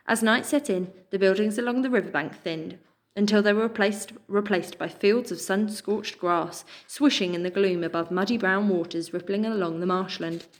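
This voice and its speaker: A woman, reading a children's book aloud in a measured, expressive way. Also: mid-range voice. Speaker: storyteller.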